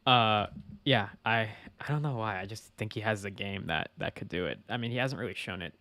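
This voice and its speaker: A man's voice: fairly low pitch, a little fast, pushed and bright, dry recording. A young man co-hosting a podcast, speaking in an easygoing way with frequent "I mean" and "you know". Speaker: podcast co-host. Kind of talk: casual sports chat.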